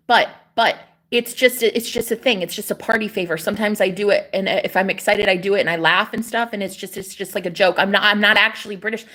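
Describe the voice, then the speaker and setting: A woman speaks quickly with few pauses, her medium-pitched voice fairly bright. She's a manifestation coach rambling through an emphatic, expletive-filled vlog monologue.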